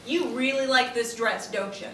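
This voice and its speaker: A woman's voice: a little high, normal speed, noisy background, natural voice. A woman playing a cruel, taunting husband. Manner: mocking, coldly demanding. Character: cruel controlling husband, grown man, taunting. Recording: roomy, distant camera mic.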